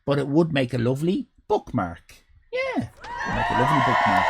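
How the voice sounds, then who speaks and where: An Irish man in his fifties, a live streamer shouting mock-outraged, swear-filled banter at his chat, his voice going hoarse. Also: sits high, huge pitch swings, moderate pace, over a noisy crowd, very noisy. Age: 50s.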